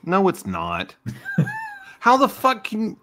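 A man's voice: high-pitched, wildly swooping pitch, slow pace, fairly bright tone. A middle-aged man co-hosting a casual podcast, ranting in profane, incredulous bursts. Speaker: podcast co-host. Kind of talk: casual chat.

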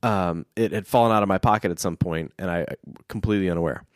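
A man's voice: low voice, fast, no room sound, studio quality. A young adult man telling a long family story in casual chat, rambling with fillers and restarts.

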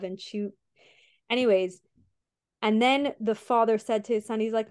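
A woman's voice: on the high side, steady tone, moderate pace, long pauses, darkish tone, clean tone. A young woman hosting a podcast, retelling a story in a rambling way with many fillers and restarts. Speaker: podcast host.

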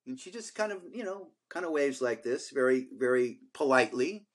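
A man's voice: medium pitch, normal speed. Rambling older man telling stories. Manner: rambling, animated storyteller with many fillers. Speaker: podcast co-host. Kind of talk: casual storytelling chat.

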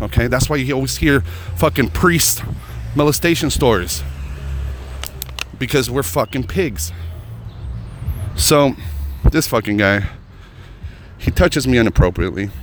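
A man's voice: fairly low pitch, fairly bright tone, slight background noise. A man working as a comedian, telling a rambling, profane story straight to his viewers. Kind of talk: casual storytelling to camera.

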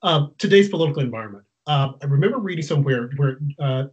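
Host guy, kinda high voice, emphatic and fed-up, muffled lo-fi audio. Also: lively intonation, fast, darkish tone. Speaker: interview host. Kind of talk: casual interview. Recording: dull lo-fi sound.

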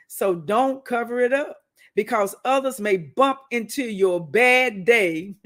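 A woman's voice: mid-range voice, a bit bright. Woman, minister, teaching talk, chatty storytelling, calls out to the audience. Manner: conversational, tells personal stories, calls out to listeners. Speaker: minister teaching a weekly wisdom segment. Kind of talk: preaching-style teaching talk.

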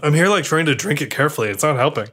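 A man co-hosting a casual podcast, laid-back and quick to laugh, a little burpy from a foamy beer. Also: a little high, lively intonation, fairly bright tone, breathy edge. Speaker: podcast co-host. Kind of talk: casual chat.

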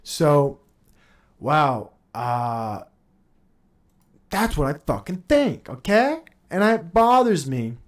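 Profane ranting man, lively pitch. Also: very slow, pauses often. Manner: heated, profane, sarcastic; laughs between points. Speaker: podcast host. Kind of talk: ranting solo podcast monologue.

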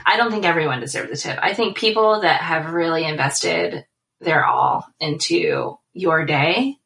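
A woman's voice: low-pitched, moderate pace, creaky, fairly bright tone. An American woman guesting on a podcast in casual chat, easygoing and laughing often. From United States.

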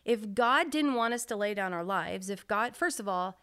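A woman's voice: medium pitch, expressive, normal speed, bright, forceful tone, clean tone. A middle-aged woman co-hosting a faith podcast, telling a story earnestly with many restarts. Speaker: podcast co-host. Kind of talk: casual faith podcast talk.

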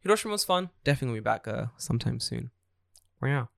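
A young man hosts a podcast in a dry, close-miked room, his voice sitting at a mid pitch. He tells stories in animated, profanity-laced casual chat. He throws himself into quoting other people. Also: fast, creaky, dry recording. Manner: animated, swearing storyteller who acts out quotes. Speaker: podcast host.

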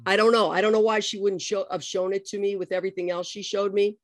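Casting note: middle-aged woman guest, vivid storyteller, dry close sound, lively delivery. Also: medium pitch, fast talker, no echo. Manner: lively, animated retelling with acted-out quotes. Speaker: guest, adoptee telling her story. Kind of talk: personal storytelling in conversation.

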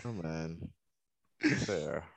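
A man co-hosting a casual podcast chat, telling stories in an animated way with quoted voices. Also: rumbling low, drawn-out words, creaky, no echo. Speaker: podcast co-host.

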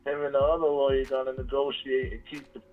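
A man's voice: mid-range voice, flat delivery, quick pace, phone-quality sound. A man, a DJ and producer from Long Island, telling stories in a casual, slangy interview and acting out the lines of the people in them. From Long Island, New York. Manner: slangy, laid-back storytelling, acting out others' lines.

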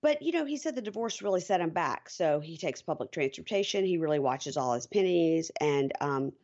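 A woman's voice: sits low, lively intonation, fairly quick, a little mellow, muffled recording. A woman guesting on a podcast, recapping a show in a dry, matter-of-fact way. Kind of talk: casual recap chat.

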